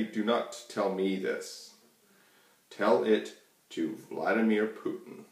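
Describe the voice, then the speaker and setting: A man hosting his own channel, ranting about politics in a rambling, profane way with lots of fillers and restarts. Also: deep voice. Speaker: channel host. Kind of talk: casual political rant to camera. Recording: echoey room, mic far off.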